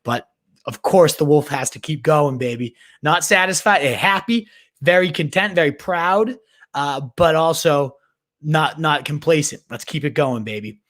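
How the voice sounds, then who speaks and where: A hyped man hosts a fantasy sports livestream, chatting casually through a live Q&A in a slightly high, fairly bright, unhurried voice. He's slangy, calls viewers "baby" and "my dude," and restarts and repeats words as he thinks aloud.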